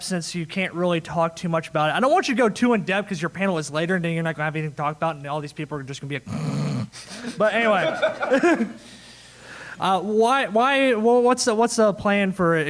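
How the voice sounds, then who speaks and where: A man with a notably high voice moderates a fan convention panel. He talks in a loose, rambling way, cracking jokes and laughing as he goes. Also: animated, a little fast. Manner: jokey, rambling, laughs often. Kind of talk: casual convention panel chat.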